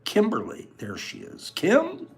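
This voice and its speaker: Casual male streamer host, slow and animated, playful and teasing. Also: sits high. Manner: playful, teasing, chatty with viewers. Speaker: livestream host. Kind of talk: casual livestream chat.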